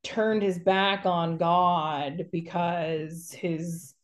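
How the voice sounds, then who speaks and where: A woman's voice: fairly low pitch, drawn-out words. A woman co-hosting a podcast, telling long rambling stories in casual chat and mimicking the people she describes. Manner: rambling, animated storytelling with mocking quotes. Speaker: podcast co-host.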